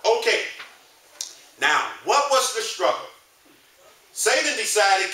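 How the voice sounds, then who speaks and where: A man with a high, strikingly bright voice preaches a Sunday school lesson, stopping mid-sentence so the class can fill in the answer. He is picked up from a distance, and the church room rings with echo. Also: very animated, takes it slowly, pauses often. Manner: call-and-response, leaves blanks for the class to fill. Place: church hall. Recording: roomy echo, mic from a distance.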